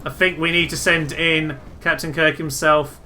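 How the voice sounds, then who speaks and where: A young man giving casual, jokey commentary over a strategy game, breaking into loud excited exclamations. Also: on the high side, moderate pace, a little hiss or hum. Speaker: gaming video host.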